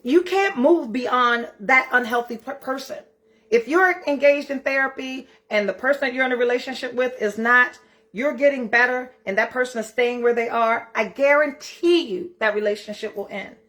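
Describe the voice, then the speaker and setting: Middle-aged female host with a fairly high voice, blunt and emphatic, cussing freely in a casual motivational talk. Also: moderate pace, a bit bright. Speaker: self-care challenge host.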